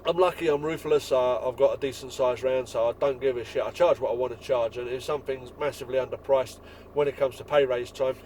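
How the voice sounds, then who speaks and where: A man's voice: medium pitch, fairly even intonation, fast talker, darkish tone, slight background noise, low-quality recording. A man, a window cleaner ranting bluntly and swearing as he talks to fellow tradesmen.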